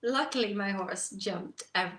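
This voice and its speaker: A woman's voice: mid-range voice, a little slow, a bit bright. Woman chatting motivation to camera, acts out her inner voice, roomy echo. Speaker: personal development coach. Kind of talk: casual motivational talk to camera. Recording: echoey room.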